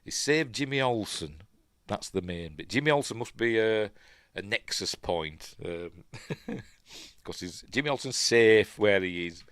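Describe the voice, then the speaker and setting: A man's voice: fairly low pitch, animated, unhurried, fairly bright tone, clear, resonant tone, no room sound, clean studio sound. A man with a Yorkshire accent giving a casual, rambling review while watching a film, full of fillers and chuckling asides. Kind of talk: casual commentary over a film.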